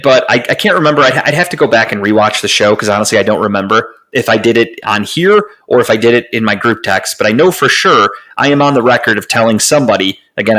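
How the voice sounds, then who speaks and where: A man's voice: on the low side, a bit bright, low-quality recording. A man co-hosting a podcast, rambling through casual sports chat with lots of profanity and restarts. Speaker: podcast co-host.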